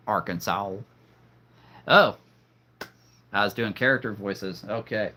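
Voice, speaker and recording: A male streamer chatting casually to his live audience. He rambles from thought to thought, full of fillers and restarts. His voice has a bright, forward ring. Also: medium pitch.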